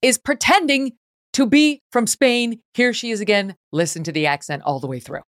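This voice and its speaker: A woman's voice: fairly high pitch, normal speed, noisy background. A woman hosting a podcast, talking casually and sarcastically and laughing often. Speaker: podcast host. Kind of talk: casual talk-show commentary.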